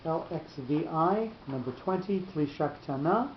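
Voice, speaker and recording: A man teaching a Torah class in a deliberate, halting explanatory lecture, often restarting his phrases. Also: lively intonation. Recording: roomy, dull lo-fi recording with faint rumble.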